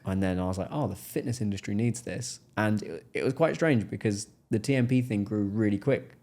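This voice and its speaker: An English man speaks as a podcast guest, his voice sitting a little low. He tells his story with energy and often acts out the people he is quoting. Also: mellow. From England. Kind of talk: casual interview storytelling.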